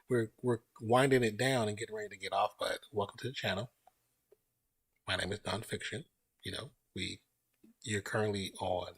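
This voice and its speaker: With a husky, lowish voice recorded dry, a live-stream host rambles in relaxed conversation. He welcomes chat viewers by name as they arrive.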